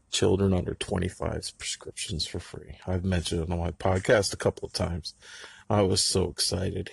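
A middle-aged man with a husky voice, ranting angrily and sarcastically with plenty of profanity in a podcast monologue. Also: low voice, a little mellow, no room sound.

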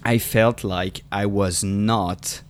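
A man in his thirties from France with a French accent, co-hosting a casual podcast chat, animated and swearing freely. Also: lowish voice, slow pace, a little hiss or hum. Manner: animated, swearing, restarts sentences. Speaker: podcast co-host.

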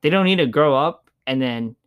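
A man's voice: a little high, animated, moderate pace, clean tone, dull audio. A man talking casually and reflectively, loose with filler words and the odd swear. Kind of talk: casual chat.

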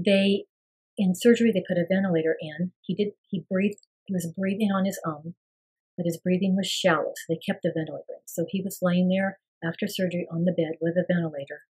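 This is an older woman speaking as a guest, with a low-set, husky voice. She talks in an earnest, soft way and often lets her words drop to a hushed near-whisper as she recalls events. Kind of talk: emotional personal storytelling.

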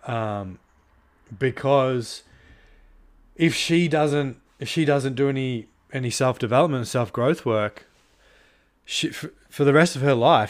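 A male podcast host speaking alone to his listeners, worked up and blunt. He swears freely and fills his pauses with "um" and "you know." His voice sits at an ordinary middle pitch. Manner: heated, swears often, many fillers. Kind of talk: solo podcast monologue.

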